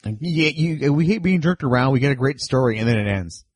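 Lively husky-voiced man, podcast co-host. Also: medium pitch, dry recording, studio quality. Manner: lively, quick reactions and teasing. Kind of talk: casual chat.

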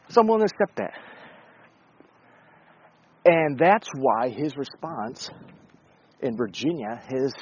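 A man's voice: medium pitch, dull audio, slight background noise. A man giving blunt, profane, casual commentary, talking in a conversational way with frequent restarts.

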